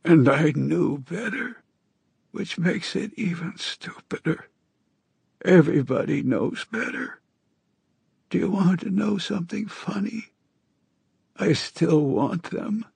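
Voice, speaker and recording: A man voicing a sick, dying old woman with a hoarse, wheezing voice and halting speech. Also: high-pitched, animated, a little mellow, no room sound, pitched above the performer's own voice, full character voice. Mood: weary, rueful. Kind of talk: audiobook character voice.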